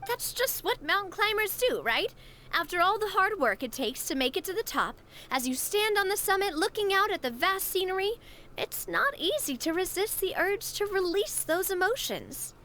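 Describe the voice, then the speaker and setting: A bubbly upbeat game heroine. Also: female voice, very high-pitched, big pitch swings, normal speed, sharp tone, exaggerated voice. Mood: cheerful. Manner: bubbly, friendly, calls others partner. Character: cheerful sociable young woman adventurer.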